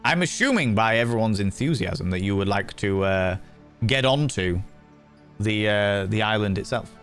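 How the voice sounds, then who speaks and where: A man narrating as game master for a streamed tabletop game, unhurried and dotted with fillers. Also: fairly low pitch, expressive, fairly bright tone, soft background music.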